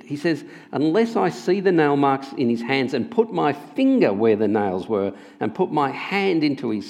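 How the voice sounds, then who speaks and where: A man preaching a sermon in a church, telling the story with expressive asides. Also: mid-range voice.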